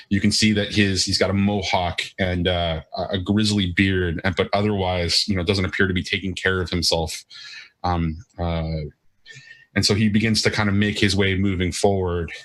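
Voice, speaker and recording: Game master, male, deep and bright, halting narration with fillers. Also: steady tone.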